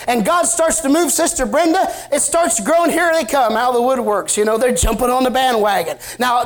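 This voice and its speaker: A man preaching a sermon in a church service, talking to his congregation. He tells it in a plain, folksy, down-to-earth storytelling way. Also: very high-pitched. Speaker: pastor.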